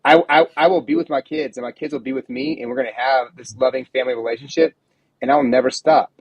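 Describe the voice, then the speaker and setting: A man's voice: mid-range voice, fairly even intonation, fast talker, dry recording, dull audio. A man hosting a livestream interview, speaking encouragingly and repeating words as he starts sentences. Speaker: host.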